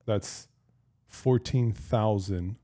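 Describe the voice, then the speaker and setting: A man from the podcast crew chimes in with a low voice. His tone is dark and mellow. He reads out figures plainly and without fuss. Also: extremely slow. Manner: matter-of-fact, reading out figures. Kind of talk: casual chat.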